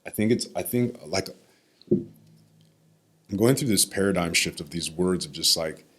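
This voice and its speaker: A podcast guest in his thirties tells a personal story, pausing to think and sometimes acting out what others said. His voice sits very low, with a husky, slightly breathy grain to it. He sounds reflective rather than showy. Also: expressive.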